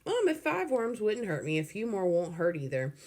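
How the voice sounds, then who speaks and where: A woman reading aloud and voicing a feisty boy, loud and indignant. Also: medium pitch, huge pitch swings, normal speed. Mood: pleading. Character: feisty boy in a worm-eating bet.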